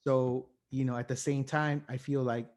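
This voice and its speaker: A man's voice: mid-range voice, flat delivery, normal speed, a little mellow. A man talks as a guest in a candid podcast interview. He thinks aloud in a searching, thoughtful way. His speech is loose and full of fillers.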